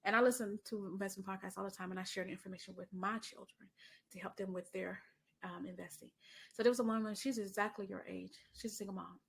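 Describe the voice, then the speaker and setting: Middle-aged woman podcast host, mid pitch with some fry, casual chatty delivery, says honey. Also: fairly even intonation, fast talker. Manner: chatty storytelling, calls listener honey.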